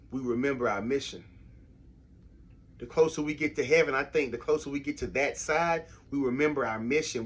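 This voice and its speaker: A middle-aged man talks faith and loss in a relaxed home-basement podcast. His voice sits a bit high for a man. He speaks in a reflective, halting way, often restarting his sentences. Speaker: podcast host. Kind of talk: casual faith talk.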